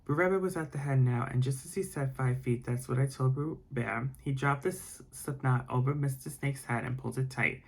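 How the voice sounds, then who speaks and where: A man reading a bedtime story aloud in ASMR style, with soft, rambling asides. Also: medium pitch, brisk, few pauses, husky.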